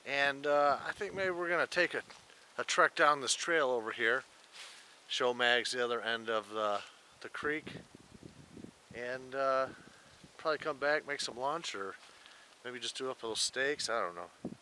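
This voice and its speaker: Man, casual camping vlogger, bright clear voice, relaxed rambling talk, outdoors in the woods, faint outdoor noise behind. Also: medium pitch, a little slow, pauses often. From Michigan. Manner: relaxed, rambling, talks to his dog. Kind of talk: casual outdoor vlog narration. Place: forest campsite outdoors.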